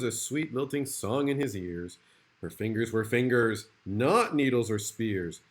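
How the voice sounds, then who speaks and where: Playful male teacher reading a rhyming storybook aloud; slow, very expressive. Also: mid-range voice. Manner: playful, rhythmic rhyming delivery. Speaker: kindergarten teacher.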